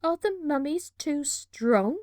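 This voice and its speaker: A woman reading a children's adventure storybook aloud with measured, dramatic narration. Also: high-pitched, expressive, darkish tone, dry recording, studio quality.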